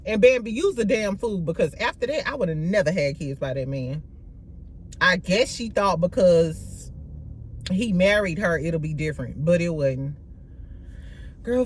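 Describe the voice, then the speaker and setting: Brash woman gossip host, animated delivery, slangy and profane, slight background noise. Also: lowish voice. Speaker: podcast host. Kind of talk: casual gossip commentary.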